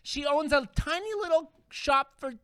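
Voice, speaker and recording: A woman's voice: high voice, moderate pace, a bit bright, no room sound, clean studio sound. A woman co-hosting a podcast, talking in a playful, sing-song way in improvised comedy banter. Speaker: podcast co-host in an improv bit.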